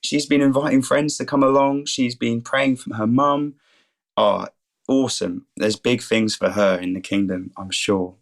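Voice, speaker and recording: A man's voice: mid-range voice, fairly even intonation, normal speed, gravelly. A 21-year-old man, a guest on a podcast, eagerly telling faith stories and keeps calling things awesome. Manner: enthusiastic, keeps saying things are awesome. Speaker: podcast guest, student and rugby player.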